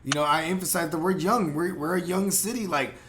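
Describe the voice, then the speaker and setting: A man's voice: fairly high pitch, fairly quick, fairly bright tone, a little hiss or hum. A man from San Jose hosting a casual podcast chat, talking in a rambling, profane, heated way with many fillers and restarts. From San Jose, California. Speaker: podcast host.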